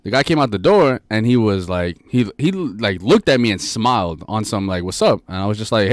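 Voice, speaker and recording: A man's voice: on the low side, lively intonation, fairly quick, hardly any pauses, no echo, clean studio sound. Earnest man rambling on a podcast. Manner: earnest, repeats phrases, rambling storyteller. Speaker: podcast co-host. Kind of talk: casual chat.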